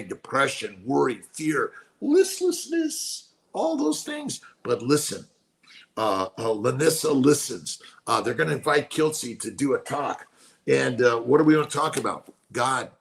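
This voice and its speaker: A man in his late sixties hosts a casual live stream, speaking quietly because someone is asleep nearby. His medium-pitched voice is gravelly with a fairly bright tone, and he talks enthusiastically, repeats himself, and drifts into preaching.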